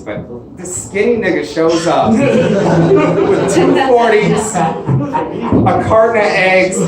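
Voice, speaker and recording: A man's voice: medium pitch, far from the mic. A man doing a stand-up comedy set, telling crude stories about his dad. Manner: storytelling, crude punchlines, quotes his dad. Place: comedy club stage. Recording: echoey club, mic heard from afar. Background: audience laughter.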